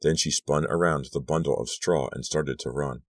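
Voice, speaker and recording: A man narrating an audiobook thriller in a steady, measured storytelling voice. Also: extremely low pitch, dry recording. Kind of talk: scripted narration.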